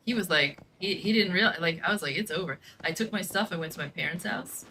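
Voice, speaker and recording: A woman's voice: fairly low pitch, fast talker, hardly any pauses, pushed and bright, a little hiss or hum, low-quality recording. A young woman telling a personal story in casual chat, blunt and profane, with lots of "like". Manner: blunt, profane, fills speech with "like". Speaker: gaming streamer.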